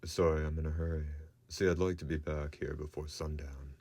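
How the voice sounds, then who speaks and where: A man's voice: very deep voice, fairly even intonation, brisk, darkish tone. A man voicing a wry male vampire hunter who talks in a laid-back, dry drawl.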